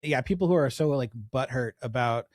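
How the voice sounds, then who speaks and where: A man in his forties chatting on a podcast in a relaxed, joking way at an average pitch. He is recorded close and dry, with no echo. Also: brisk. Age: 40s. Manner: laid-back, joking. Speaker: podcast host. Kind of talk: casual podcast chat.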